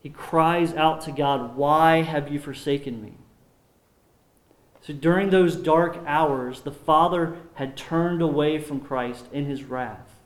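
A man preaching a sermon as pastor, earnest and measured, often dropping his voice low on solemn points. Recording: roomy echo.

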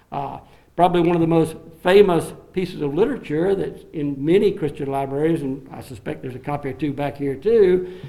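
A middle-aged man, a pastor, delivering an expository sermon in a lively, teaching manner with occasional fillers. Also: fairly high pitch, vocal fry.

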